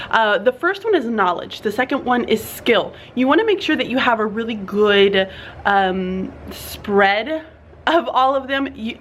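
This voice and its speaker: Tired, earnest woman teacher, casual vlog talk, slightly high voice, faint room hiss. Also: a bit bright. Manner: chatty and earnest, says y'all, laughs often. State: tired, yawning. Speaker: teacher vlogger. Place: classroom.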